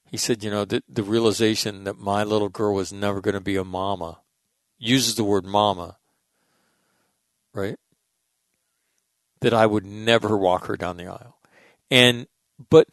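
A middle-aged man hosting, telling stories in a rambling, animated way with lots of restarts and casual swearing. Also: fairly low pitch, vocal fry, no room sound. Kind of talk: casual storytelling monologue.

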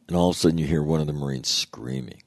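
A man's voice: extremely low pitch, no room sound, clean studio sound. An older man and former Marine telling profane, laughing stories from his service days. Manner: profane, laughing, animated retelling. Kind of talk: casual storytelling.

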